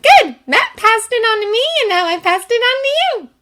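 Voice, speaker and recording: A woman voicing a snarky, teasing young gamer friend who talks loudly and mockingly in a fanfiction audio reading. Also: very high voice, lively intonation, fairly quick, pitched above the performer's own voice, exaggerated voice. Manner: loud, mocking, brash.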